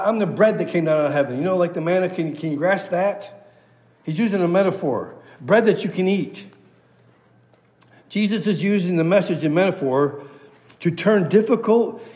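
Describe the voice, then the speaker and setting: A man's voice: sits high, darkish tone. A man preaching an expository sermon, reading scripture aloud and hammering points home through repetition. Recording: long hall reverb.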